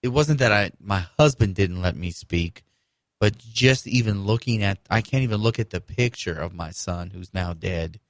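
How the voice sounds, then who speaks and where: A man co-hosting a radio show, bantering in a relaxed, joking way. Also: lowish voice, normal speed, dry recording. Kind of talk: casual political chat.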